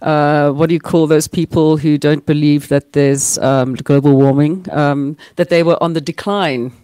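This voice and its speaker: A woman's voice: sits low, steady tone, moderate pace, dark tone, clean tone, dry recording. A South African woman co-hosting a podcast, chatting in a playful, teasing way. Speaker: podcast co-host. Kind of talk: casual chat.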